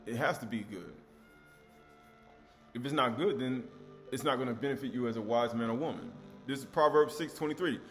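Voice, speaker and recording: Male scripture teacher, mid-pitched, emphatic and repetitive, quiet music underneath. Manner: emphatic, repeats key words, asks rhetorical questions.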